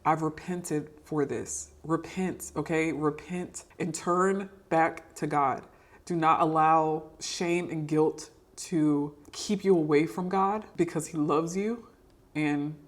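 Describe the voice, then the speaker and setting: Woman, low voice, earnest heartfelt testimony, talking to camera. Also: slow. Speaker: podcast host sharing testimony. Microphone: camera mic.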